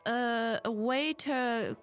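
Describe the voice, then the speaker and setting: A woman co-hosting a language podcast, saying model phrases slowly and carefully. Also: a little high, clear, resonant tone. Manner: slow, careful model pronunciation, brief assents. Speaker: podcast co-host, model speaker. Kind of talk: casual teaching chat.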